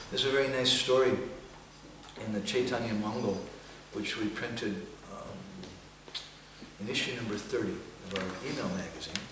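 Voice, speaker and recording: Male seminar speaker, gentle storyteller, mid-range voice; distant mic in a very echoey hall with faint ambience. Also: medium pitch, slight background noise. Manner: gentle storytelling, occasional chanting. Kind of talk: storytelling sermon.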